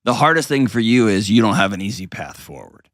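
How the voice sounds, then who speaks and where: A man's voice: lowish voice, sing-song, brisk, a bit bright, no echo. Brief: male advice-show host, blunt and earnest, dry studio sound. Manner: blunt, earnest, acts out quotes in mocking voices. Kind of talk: call-in advice conversation.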